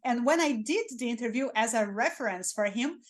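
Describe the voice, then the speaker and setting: Spanish-accented lady coaching job interviews, kinda high voice, super animated. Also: brisk. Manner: animated, demonstrates dull and excited delivery. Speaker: career mentor.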